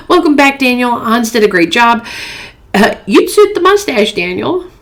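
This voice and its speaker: A woman's voice: a little high, sing-song, measured pace, pauses often. A woman hosting a phone game playthrough, reading chat messages aloud in a playful, chatty way. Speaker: gaming channel host.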